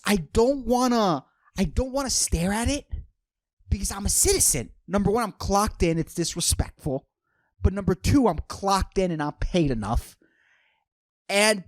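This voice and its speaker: A man's voice: sits high, no room sound, clean studio sound. Profane, ranting male podcast host. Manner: profane, exasperated ranting with frequent "dude". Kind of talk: solo comedic rant podcast.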